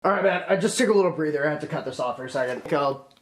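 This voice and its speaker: A young man casually talking through an unboxing on his vlog, excitable and swearing, calling his viewers man and boys. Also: a little high, rapid-fire. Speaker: YouTuber.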